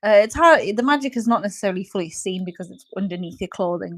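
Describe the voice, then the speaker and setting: A woman's voice: mid-range voice, expressive, fast talker, few pauses, fairly bright tone. Woman, game master, casual rules-explaining narration, lots of "kind of" and "uh". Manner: hesitant, filler-heavy, explaining rules.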